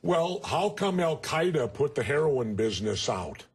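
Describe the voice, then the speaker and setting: A husky man in his sixties speaks as a television interview guest. He argues bluntly and with emphasis, and he pushes back hard on his interviewer. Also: a little high, very animated, measured pace. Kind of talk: TV news interview.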